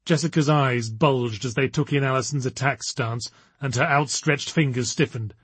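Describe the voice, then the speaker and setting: Guy narrating a story, kinda husky, dry close mic, wry and measured. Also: mid-range voice, a bit bright, no room sound. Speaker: audiobook narrator. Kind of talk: scripted narration.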